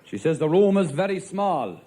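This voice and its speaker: A man with an Irish accent telling stand-up jokes in a deadpan storytelling manner, playing a policeman. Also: on the high side. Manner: deadpan storytelling, rapid one-liners in character as a policeman. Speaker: stand-up comedian. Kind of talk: live stand-up joke-telling. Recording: live show with faint crowd laughter and noise.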